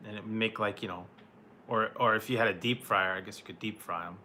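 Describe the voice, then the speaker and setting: Fast and sharp, this fairly low male voice keeps a fairly even intonation over a faint hiss or hum. He's an adult food reviewer, once married, casually chatting with live-stream viewers, rambling along with plenty of fillers and small laughs.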